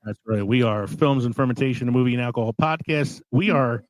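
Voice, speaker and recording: A man's voice: mid-range voice, fairly quick, no room sound, faint music behind, low-quality recording. A man hosting a casual podcast, laid-back and swearing freely, recorded in a small studio. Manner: laid-back, swearing, laughing between lines. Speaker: podcast host.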